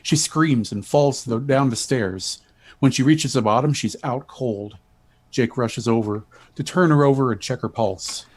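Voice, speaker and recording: A man narrating the stage directions in a measured, even way during a stage reading. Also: medium pitch.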